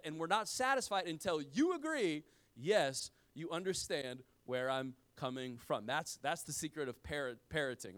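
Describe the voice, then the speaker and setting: In this sermon, a middle-aged pastor talks casually with plenty of slang, his clean-toned voice rising to loud emphasis and then dropping to hushed, low lines.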